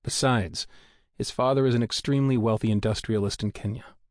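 A man's voice: mid-range voice, fairly even intonation, brisk, darkish tone, no room sound, clean studio sound, natural voice. A man doing a groggy, officious government official. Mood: insistent. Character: weary middle-aged male government official.

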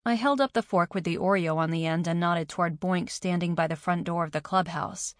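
A woman reads a novel in the first person with a fairly low voice. She lifts her voice for the characters' lines, and the recording is dry and close. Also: brisk, no echo. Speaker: audiobook narrator. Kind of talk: first-person scripted narration.

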